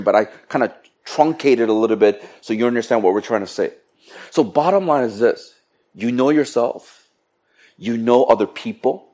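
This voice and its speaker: A middle-aged man preaching a sermon in a lively, joking way with playful asides to the congregation. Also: mid-range voice. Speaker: pastor.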